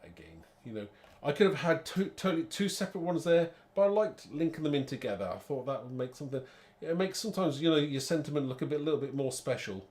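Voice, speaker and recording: A man's voice: a little high, lively intonation, quick pace, few pauses, darkish tone. A man hosting a live card-making demo, chatty and rambling, thinking aloud and laughing at his own muddles.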